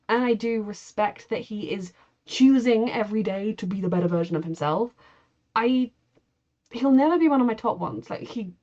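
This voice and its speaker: A woman's voice: fairly high pitch, darkish tone, dull audio. A woman giving chatty, opinionated commentary on a TV episode, swearing and using plenty of fillers. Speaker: TV reaction vlogger. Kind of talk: casual TV reaction commentary.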